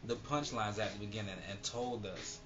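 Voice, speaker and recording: A man co-hosting a podcast, talking in loose, profane, animated chat and laughing readily. His voice sits at an ordinary pitch and comes through a dull, lo-fi recording. Music plays clearly behind him. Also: normal speed. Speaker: podcast co-host. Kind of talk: casual chat.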